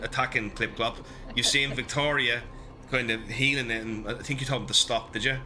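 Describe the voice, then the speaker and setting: A man running a tabletop game as game master, narrating the action in a lively way. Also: medium pitch, a little fast, a little hiss or hum.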